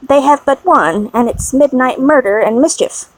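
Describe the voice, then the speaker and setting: A woman voicing a fussy, fiercely loyal older English maid in an audiobook reading, brisk and emphatic. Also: sits high, dry recording, rough recording. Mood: indignant.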